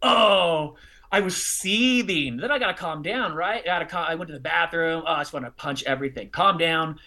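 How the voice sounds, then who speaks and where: A middle-aged man telling a personal story in conversation, expressive and bursting into loud excited outbursts. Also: on the high side, moderate pace. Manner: expressive, swings into loud excited outbursts when acting out scenes. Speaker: guest, charity fundraising speaker.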